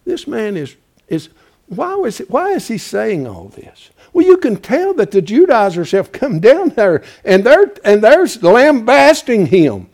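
Fiery high-voiced male preacher. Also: huge pitch swings, a little slow. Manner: emphatic, swings from loud urging to quiet pleading; repeats "bless God" as a filler. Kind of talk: fiery sermon.

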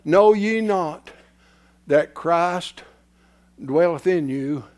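A man preaching a sermon in a folksy, repetitive way, swinging from hushed whispers to shouts as his voice gives out. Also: on the high side, drawn-out words. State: losing his voice.

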